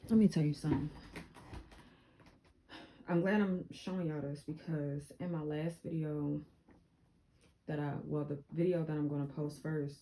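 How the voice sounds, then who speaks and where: Low, mellow-voiced woman vlogger. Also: steady tone, moderate pace, long pauses, a little hiss or hum, rough recording. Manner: earnest, repeats for emphasis, laughs often. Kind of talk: casual motivational talk.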